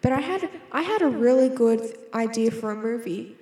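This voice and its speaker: A woman's voice: a little high, expressive, normal speed, mellow. A young Australian woman rambling casually to camera, giggly and scattered, cutting herself off mid-sentence. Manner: giggly, scattered, self-interrupting. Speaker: vlogger. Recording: echoey room with long reverb.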